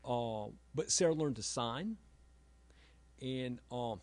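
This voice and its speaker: A middle-aged man, an author and emergency room doctor, giving a halting talk with self-deprecating humor at a library event. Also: mid-range voice, animated.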